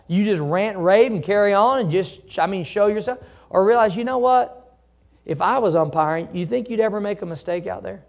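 A man, a pastor preaching a sermon in a folksy, animated way, laughing at himself and acting out angry drivers. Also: sits high, vocal fry.

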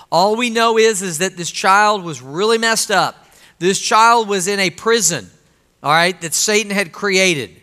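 High bright-voiced preacher in a hall. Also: male voice. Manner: conversational preaching, rhetorical questions, asks congregation for responses. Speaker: pastor. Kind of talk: sermon. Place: church sanctuary.

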